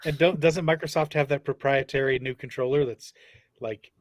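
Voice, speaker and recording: A man's voice: mid-range voice, steady tone, normal speed, no echo, studio quality. Wry, questioning man on a podcast. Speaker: podcast co-host. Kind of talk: casual chat.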